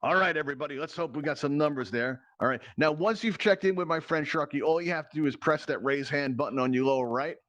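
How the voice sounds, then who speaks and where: A man with a slightly high voice hosts a live game show at a brisk clip. He talks like an upbeat, chatty showman who cracks jokes to fill the gaps, heard through a headset mic. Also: fairly bright tone, no echo. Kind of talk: live virtual-reality game show hosting.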